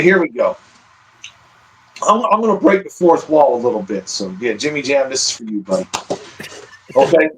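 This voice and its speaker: Brief: guest analyst, man with a high voice, chatty and explanatory, keeps asking "right?". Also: poor audio. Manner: explains at length, checks in with "right?". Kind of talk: casual podcast chat.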